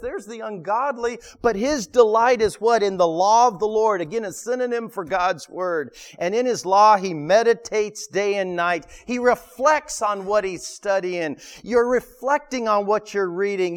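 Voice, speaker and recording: A man preaching in a church, his voice pitched high for a man and carrying a long reverb from the hall. He stresses his points, repeats himself and asks the listeners questions as he teaches. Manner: emphatic, repeats words, asks the congregation questions. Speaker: pastor. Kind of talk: sermon. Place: church sanctuary.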